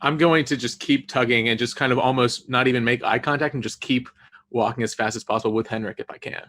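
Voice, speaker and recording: A man's voice: mid-range voice, fairly even intonation, fast, a bit bright, a little hiss or hum. A man playing a tabletop game, speaking plainly and steadily. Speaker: player. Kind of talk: tabletop role-play.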